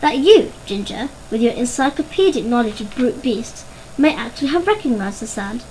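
Lady reading as a dry, acidic dad in a storybook, weary and measured, voice pitched fairly high with a faint hiss of noise behind. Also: animated, a little mellow, natural voice, low-quality recording. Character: pompous weary father, dry and acid.

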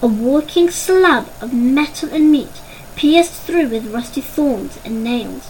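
A woman narrating a children's storybook in an expressive, dramatic way. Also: high voice, slow, a little hiss or hum, low-quality recording.

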